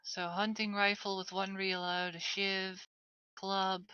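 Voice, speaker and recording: Woman player in a tabletop game, bright clear voice, dry kinda dull call mic. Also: mid-range voice, level tone, takes it slowly, dry recording. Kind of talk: tabletop game session over voice chat.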